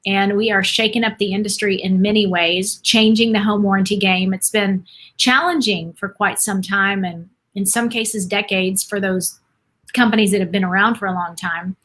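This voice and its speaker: A woman's voice: mid-range voice, fairly even intonation, normal speed, a bit bright. A middle-aged woman from Dallas, telling her story as a guest in a casual podcast chat. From Dallas, Texas, USA. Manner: chatty, storytelling, laughs easily.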